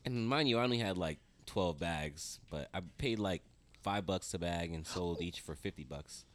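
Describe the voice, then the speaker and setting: A man's voice: low-pitched, moderate pace. A man chatting casually as a guest on a podcast, hesitant and full of fillers while he plays a game. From America. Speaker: guest, coffee business owner.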